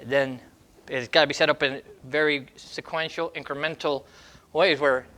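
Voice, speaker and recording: With a fairly high, bright voice that stays steady and forceful at a normal pace, this man answers audience questions on a show as a dog trainer. He's emphatic, demonstrating each training scene in quick fragments.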